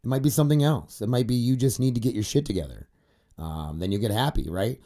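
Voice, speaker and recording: In a confessional vlog shot on an indoor studio set facing a camera, a young male podcaster talks candidly and fast. His medium-pitched voice has a dark tone and lively intonation, and he rambles, swears, uses plenty of fillers, and at times sounds tearful.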